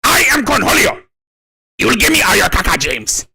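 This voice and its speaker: A frantic cartoon teen who shrieks out his demands in a high, wildly swooping voice. The voice is piercing and bright, and it jumps up and down at full volume. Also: huge pitch swings, normal speed, vocal fry, breathy edge, heavily acted. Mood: ranting. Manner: shouted, wild high-pitched ranting.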